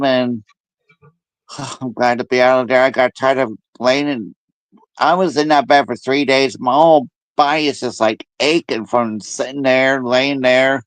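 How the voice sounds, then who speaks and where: A man chatting casually as host, telling stories in a lively way and mimicking other people's voices. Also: mid-range voice, smooth, no room sound. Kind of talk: casual chat.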